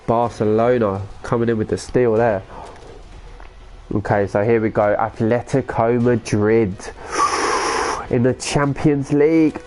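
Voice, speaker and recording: A man, chatting casually as a live streamer, reacting excitedly and reading viewer comments aloud. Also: mid-range voice, measured pace, long pauses. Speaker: gaming streamer.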